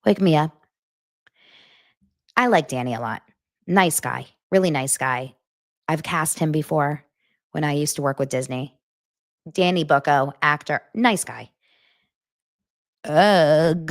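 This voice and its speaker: Lively, chatty woman host. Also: low voice, measured pace, pauses often. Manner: chatty, animated, talks straight to her audience. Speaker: podcast host. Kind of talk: casual gossip chat.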